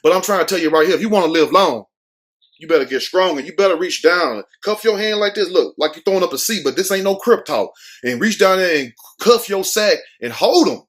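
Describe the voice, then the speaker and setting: A man's voice: sits high, expressive, brisk. Brash, mocking man riffing on the news. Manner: loud, mocking, street slang, acts out quotes. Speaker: commentary show host. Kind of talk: comedic news commentary.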